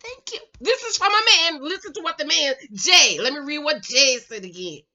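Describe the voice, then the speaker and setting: Loud, animated woman reading comments. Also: high-pitched, moderate pace. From the Caribbean islands. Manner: animated, loud, laughs often, playful. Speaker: YouTube reality-show reviewer. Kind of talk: casual chat reading viewer comments. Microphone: camera mic, no microphone. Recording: dull lo-fi camera audio.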